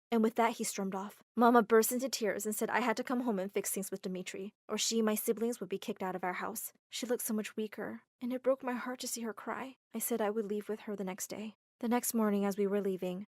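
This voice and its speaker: A woman's voice: fairly high pitch, fast talker, few pauses, no room sound, studio quality. Dramatic woman storyteller. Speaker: narrator. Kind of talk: first-person storybook narration.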